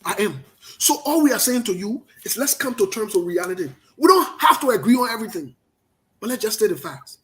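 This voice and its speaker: A man with a Liberian accent giving emphatic political commentary, talking loudly and repeating his points. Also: high-pitched, sing-song, brisk. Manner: forceful, emphatic, repetitive, passionate.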